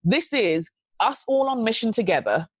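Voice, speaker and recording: Lively woman telling a story. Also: fairly high pitch, breathy edge, dry recording. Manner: animated, quick restarts while recounting a story. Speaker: podcast guest. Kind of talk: storytelling in conversation.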